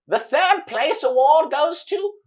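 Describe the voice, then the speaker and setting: A woman voicing an excitable male tournament announcer who shouts and draws out his words. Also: high voice, slow, voice pushed up. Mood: grandiose. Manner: shouting, drawn out.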